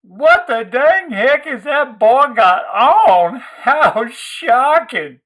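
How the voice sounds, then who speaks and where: A man's voice: extremely high pitch, expressive, very slow, a bit bright, voice pushed up, exaggerated voice. A man voicing a snobbish, gossipy teenage girl who screeches in a fake Southern accent. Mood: scandalized.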